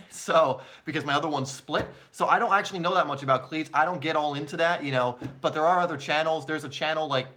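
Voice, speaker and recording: Bright-voiced casual soccer host. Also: male voice, on the high side, a little fast. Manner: casual, chatty, answers viewer questions with many fillers. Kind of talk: live Q&A stream.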